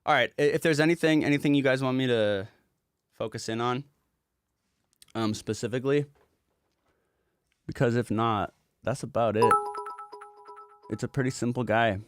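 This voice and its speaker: A man's voice: medium pitch, normal speed, pauses often. A man casually walking through a song's production session as a music producer, chatty and rambling and swearing now and then.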